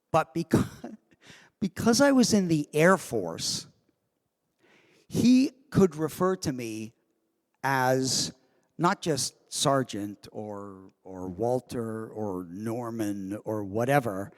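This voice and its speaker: A man, the guest of honor at a convention, telling an animated, self-amused anecdote from the stage of a convention hall. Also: medium pitch. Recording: long hall reverb.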